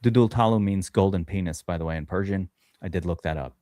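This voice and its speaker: A man's voice: sits low, fairly even intonation, fast talker, dark tone, dry recording. A man hosting a live stream from his studio, chatting casually and rambling off topic while he gets distracted. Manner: rambling and easily distracted, jumps between topics. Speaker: host. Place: upstairs studio.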